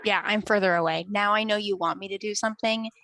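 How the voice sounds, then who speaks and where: A woman's voice: mid-range voice, steady tone, fast talker, fairly bright tone. Blunt woman on a call. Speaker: coaching participant.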